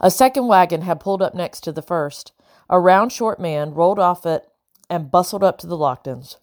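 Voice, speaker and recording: This audiobook narrator reads in the first person, calm and even, her pitch resting a little on the low side. Recorded close-up, the audio is dry and carries no room sound.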